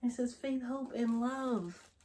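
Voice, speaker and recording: A teenage girl unboxing gifts in a casual vlog, excitable and gushing, swinging from loud exclamations to hushed gasps with slangy chatter. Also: a little high, slow. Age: teens. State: tearful at moments. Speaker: vlogger.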